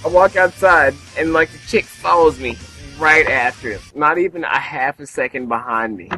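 A young man with a high, bright, sharp voice rattles through a story on a late-night podcast, swearing freely and acting out what everyone said. Faint music plays behind him. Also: moderate pace, low-quality recording. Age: 20s. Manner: animated, swearing, acts out quotes. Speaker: podcast co-host. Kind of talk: casual chat, storytelling. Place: at home, remote call.

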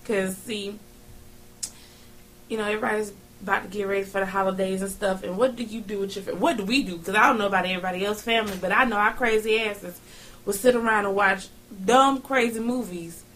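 A woman co-hosting a casual chat show, joking around with loud laughs and playful bits. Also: mid-range voice, steady tone, brisk, a little hiss or hum. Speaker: co-host. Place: studio.

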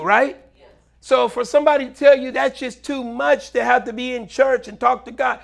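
Delivering a sermon, this middle-aged male pastor has noticeable vocal fry. He's animated, moving from loud peaks down to quiet, low murmurs.

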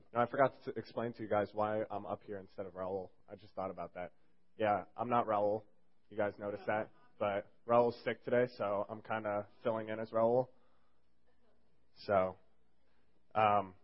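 A young man giving a casual youth sermon as a fill-in speaker, rambling and joking with lots of fillers. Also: on the low side. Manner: rambling and jokey, heavy on fillers. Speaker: youth group speaker filling in. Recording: dull lo-fi recording.

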